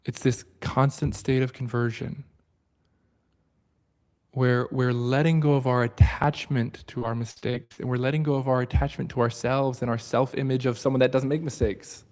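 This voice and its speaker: A man hosting a livestream book study, talking in an earnest, reflective way and often dropping to a soft, low voice. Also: flat delivery, normal speed.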